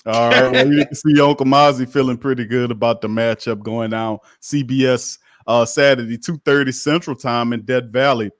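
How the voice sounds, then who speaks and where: Hype host, casual sports banter, dry close sound. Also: male voice, mid-range voice, no echo. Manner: energetic, hype, drawn-out phrasing. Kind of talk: casual sports talk show.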